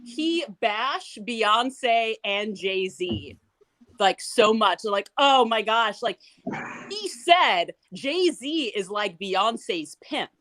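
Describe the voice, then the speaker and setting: A young woman doing a stand-up set in a chatty, rambling way, often breaking into laughter at her own jokes. Her voice sits a little high, and she talks in loose asides. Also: animated, extremely slow, a bit bright. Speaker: stand-up comedian.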